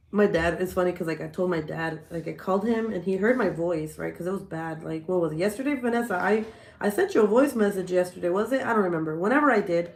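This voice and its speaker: A woman's voice: lowish voice, vocal fry, darkish tone, roomy sound, a little hiss or hum. A woman hosting a casual hangout video, joking and swearing as she rambles, with a cold. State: sick with a cold, coughing. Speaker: vlogger hosting a hangout livestream. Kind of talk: casual chat.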